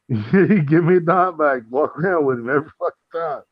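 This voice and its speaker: A man hosting a casual chat, telling profane stories and acting out the other people's lines in a higher voice. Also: normal speed, dry recording. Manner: profane, acts out quoted dialogue in a higher voice. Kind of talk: casual storytelling. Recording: dull lo-fi sound.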